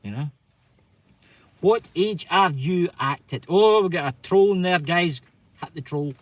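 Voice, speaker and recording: A man's voice: high voice, unhurried, no echo. Chatty Scottish man hosting a livestream. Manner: chatty, teasing, addresses viewers directly. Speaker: livestream host. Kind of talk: casual livestream chat.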